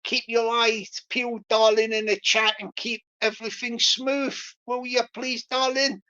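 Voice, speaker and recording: A woman hosting a livestream, rambling and repeating herself as she mock-scolds and gives shout-outs. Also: on the high side, flat delivery, measured pace, dull audio. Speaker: livestream host.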